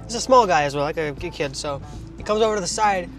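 A man's voice: high-pitched, lively intonation, fast talker, a bit bright, faint music behind. Young man, jokey car vlog. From Trinidad. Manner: rambling, jokey asides. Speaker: vlogger. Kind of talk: casual car vlog while eating. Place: parked car.

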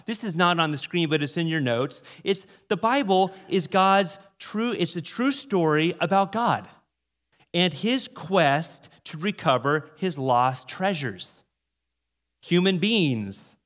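A middle-aged male pastor delivering a conversational sermon with storytelling in a large church, his pitch and loudness swinging widely. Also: expressive, slow pace. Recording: long hall reverb in a sanctuary.

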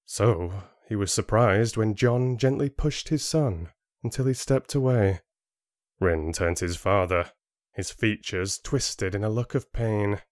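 A man reading an audiobook in a steady storytelling manner into a close studio mic. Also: fairly low pitch, a little slow, dry recording. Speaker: audiobook narrator. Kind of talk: scripted audiobook narration.

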